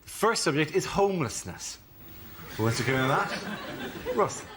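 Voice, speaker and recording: A man hosting a panel show, announcing topics in a brisk, formal way. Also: fairly high pitch, sing-song, a loud crowd, very noisy. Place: TV studio before an audience. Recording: loud laughing studio audience.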